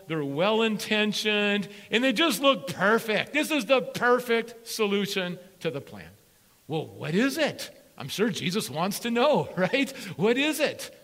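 A man preaching a sermon as a pastor, energetic and playful, repeating punch words for emphasis. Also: high voice, long reverb tail. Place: church sanctuary with congregation.

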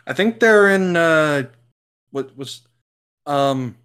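A young man co-hosting a podcast, chatting casually while reacting to a film and breaking into loud laughs. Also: a little high, slow, smooth. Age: young adult. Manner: excitable, laughs loudly. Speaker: podcast co-host.

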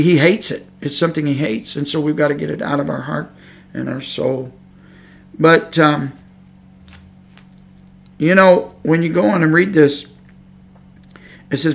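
A man preaching a Bible study on a podcast, with a gravelly, crackling edge to his voice that sits somewhat high for a man. He drives each point home with earnest emphasis, circling back and repeating phrases as he presses on. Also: a bit bright. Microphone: podcast microphone.

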